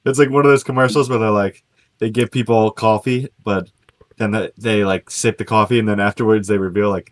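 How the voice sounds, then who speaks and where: A man's voice: on the low side, fairly even intonation, a little fast, dry recording. A man co-hosting a podcast, laid-back and laughing often as he retells comedy sketches. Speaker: podcast co-host. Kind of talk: casual chat.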